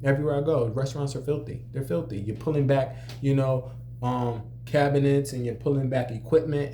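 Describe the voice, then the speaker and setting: Young man, cook, vlog storytelling. Mellow, relaxed tone, chatty with constant fillers, faint hum behind. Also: mid-range voice. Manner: conversational, many "you know" fillers, animated when quoting others. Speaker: restaurant cook. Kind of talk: casual storytelling to camera.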